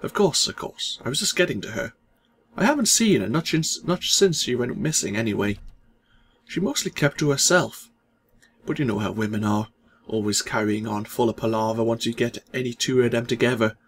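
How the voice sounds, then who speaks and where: A man's voice: medium pitch, expressive, normal speed, fairly bright tone, lightly acted. A man reading as a chatty portly shopkeeper. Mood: gossipy. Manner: folksy, opinionated, rambling. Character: portly smiling male village shopkeeper, chatty and gossipy.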